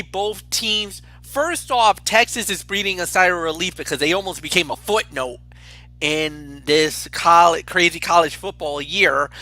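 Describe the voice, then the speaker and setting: A man co-hosting a casual football picks show, talking in an excitable, rambling way with frequent restarts. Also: high-pitched, dry recording. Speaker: co-host picking games. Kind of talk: casual sports picks chat.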